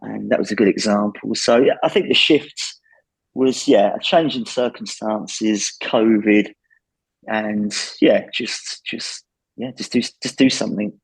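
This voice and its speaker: A man's voice: fairly low pitch, measured pace, gravelly, husky, no room sound, poor audio. A man, the guest in an interview, talking in a plain-spoken, casual way. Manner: plain-spoken, lots of restarts. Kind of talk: casual chat.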